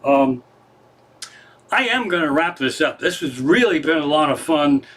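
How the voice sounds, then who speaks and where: Excitable swearing man telling a story. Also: on the high side, a little slow. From Pennsylvania. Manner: swears constantly, excitable, animated retelling. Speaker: comedian hosting his livestream show. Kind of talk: casual profane storytelling. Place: home living room.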